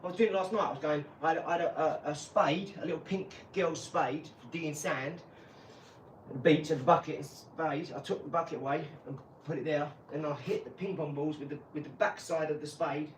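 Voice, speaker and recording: Animated man telling stories in an echoey garage. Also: fairly high pitch. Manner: animated storyteller, laughs, swears. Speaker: live-stream host. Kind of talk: casual live-stream chat. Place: empty garage. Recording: roomy, distant mic, faint noise.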